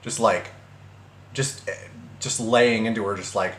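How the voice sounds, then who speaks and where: Halting young man in an echoey room. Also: on the low side, fairly even intonation, fairly bright tone. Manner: halting, full of fillers and restarts. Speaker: vlogger. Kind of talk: casual personal vlog. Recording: echoey room with faint ambient noise.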